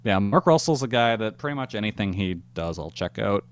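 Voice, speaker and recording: A man's voice: fairly low pitch, animated, a little fast, clear, resonant tone. A man co-hosting a podcast in casual chat, easygoing and chuckling along. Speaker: podcast co-host.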